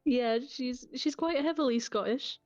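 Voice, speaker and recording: A woman's voice: high voice, a little slow, darkish tone, no echo, soft background music. Woman, casual stream chat, explanatory, dry slightly dull audio. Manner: explanatory, laughs easily. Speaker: streamer co-host.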